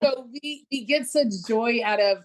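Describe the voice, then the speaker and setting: A woman who co-founded a business, talking as a guest in a casual interview and telling lively stories full of "like" and "you know". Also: on the high side, a little slow, low-quality recording.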